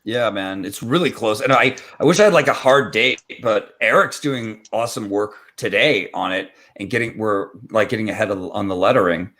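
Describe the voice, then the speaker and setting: A man chatting excitedly on a video call with friends, laughing often and telling stories in a quick, rambling way. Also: on the low side. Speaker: comic creator. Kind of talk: casual group chat on a live stream.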